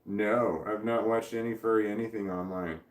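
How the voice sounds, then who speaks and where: A man's voice: on the low side, fairly even intonation, moderate pace, reverberant, distant mic. A man chatting casually on a live stream, reading chat and thinking aloud in rambling, self-interrupting sentences.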